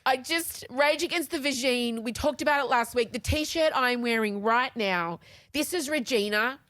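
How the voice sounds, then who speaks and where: A woman's voice: sits high, normal speed, a bit bright. A woman in her forties co-hosting a podcast, talking candidly and emotionally while tearful. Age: 40s. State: crying. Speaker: podcast co-host. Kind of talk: casual chat.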